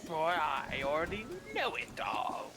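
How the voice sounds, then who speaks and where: A man voicing a pompous, demanding male evil wizard in slow, theatrical, half-whispered commands, joking on a gaming stream. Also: fairly high pitch, expressive. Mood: grandly demanding.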